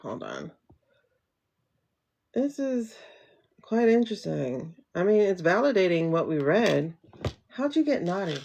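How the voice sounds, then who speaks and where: A woman's voice: fairly low pitch, big pitch swings, a little slow, gravelly, long pauses, a little mellow, a little hiss or hum. A woman hosting a casual livestream tarot chat, asking questions aloud and answering them herself in a slangy, familiar way. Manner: slangy and familiar, calls viewers child, girl, boo. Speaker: livestream host reading tarot.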